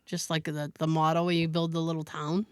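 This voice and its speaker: A woman co-hosting a podcast, telling a story in a casual, animated way and laughing often. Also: low-pitched, brisk, smooth, dry recording, clean studio sound. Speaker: podcast co-host.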